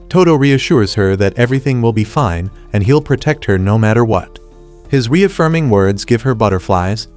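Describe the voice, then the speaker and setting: A man reading a scripted anime recap as narrator, in a steady, rapid retelling. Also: medium pitch.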